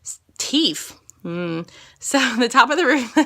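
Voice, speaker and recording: A classically trained woman teaching a singing lesson, explaining slowly and singing lines to demonstrate. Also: high voice, lively intonation, fairly bright tone. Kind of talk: vocal lesson with sung examples.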